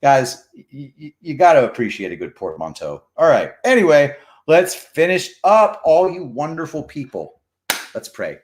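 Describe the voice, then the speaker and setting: A man hosting a live stream, chatting casually, reading viewer comments and plugging sponsors, animated and joking, loud one moment and mumbling the next. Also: medium pitch, a little slow.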